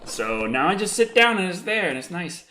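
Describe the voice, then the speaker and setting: A man hosting a livestream, chatting casually and rambling with animated, laughing asides. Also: high voice, normal speed, slight background noise. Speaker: livestream host.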